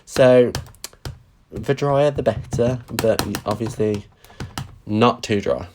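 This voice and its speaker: A man's voice: medium pitch, slow, noisy background. A man chatting casually through a live-stream stamping craft demonstration, greeting viewers and making self-deprecating asides.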